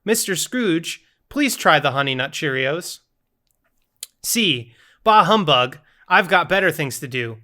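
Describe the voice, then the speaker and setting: A man's voice: fairly high pitch, animated, measured pace, sharp tone. A man co-hosting a casual podcast, playfully reading out quiz options and running the game segments.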